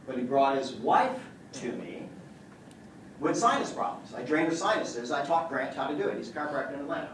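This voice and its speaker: A man's voice: mid-range voice, lively intonation, fairly quick, noisy background. A man who is a chiropractor, giving a joking, boastful live demonstration talk to an audience as he works on a patient. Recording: echoey room, voice from far off.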